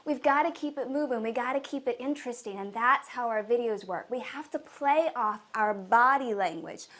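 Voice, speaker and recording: A woman hosting a live stream, coaching viewers on making videos in a playful, animated way and greeting them directly. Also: a little high, normal speed. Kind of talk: lively live-stream talk. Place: home setup with two cameras.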